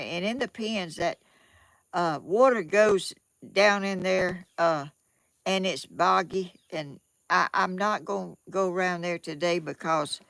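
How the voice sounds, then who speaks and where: Slow gravelly older Southern woman. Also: on the low side, fairly bright tone, no room sound. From Georgia, USA. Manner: rambling, repeats herself, homespun and religious. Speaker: vlogger. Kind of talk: casual home vlog monologue.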